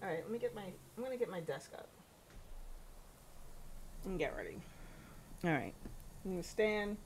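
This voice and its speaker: A woman's voice: mid-range voice, lively intonation, moderate pace, slight background noise. A woman in her thirties streaming a game, chatting casually to herself and her viewers with giggles and musings. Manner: chatty, giggly, self-talking. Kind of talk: casual gameplay commentary.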